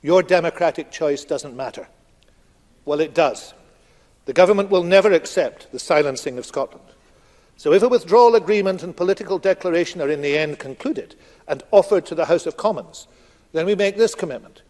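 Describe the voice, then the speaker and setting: A man's voice: sits high, a little fast, darkish tone. A man, a cabinet secretary, giving a formal speech in parliament, emphatic and combative, using rhetorical repetition. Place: large parliamentary debating chamber. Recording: long reverb of a debating chamber.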